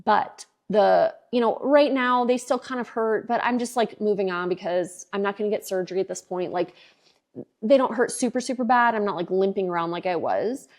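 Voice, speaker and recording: Woman, 40s, podcast host; casual, candid storyteller with a middle-pitched voice and lots of fillers. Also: moderate pace. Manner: animated, filler-heavy, candid.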